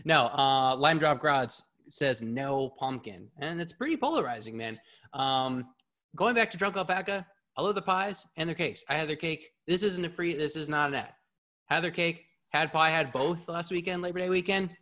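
Excitable rambling man hosting a podcast. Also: a little high, normal speed. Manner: excitable and rambling, swears freely. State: a bit out of breath. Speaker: podcast host. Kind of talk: casual live podcast chat.

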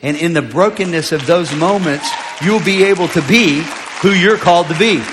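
A shouting high-voiced preacher in a big hall. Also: male voice, normal speed, crowd noise, noisy background. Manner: builds from joking asides to shouted declarations. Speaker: pastor. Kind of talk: preaching a sermon. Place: large church auditorium. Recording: live in a large hall with music behind.

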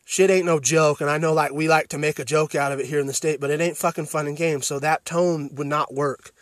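A man's voice: on the high side, fairly even intonation, fairly quick, no room sound, clean studio sound. A man hosting a podcast, giving a blunt film review full of profanity and emphatic restarts. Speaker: podcast host reviewing films.

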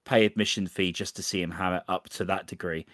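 A man co-hosting a podcast in relaxed, reflective casual chat. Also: low-pitched, a little fast, no room sound, clean studio sound. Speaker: podcast co-host.

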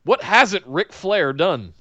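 A man with a Southern US accent, co-hosting a casual podcast chat in an animated, excitable way and laughing often. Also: sits high, no echo, lo-fi sound. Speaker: podcast co-host. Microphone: remote call.

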